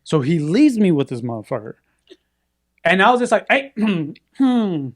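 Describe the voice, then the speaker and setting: Animated storytelling man, slightly high. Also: fairly quick. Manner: animated, acts out quoted voices. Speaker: guest telling a story. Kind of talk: casual storytelling.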